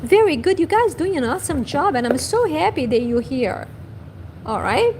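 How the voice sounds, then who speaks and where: Brief: woman teacher, high animated voice, faint noise. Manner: slow, repeats each word for learners. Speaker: language teacher. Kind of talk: livestream language lesson.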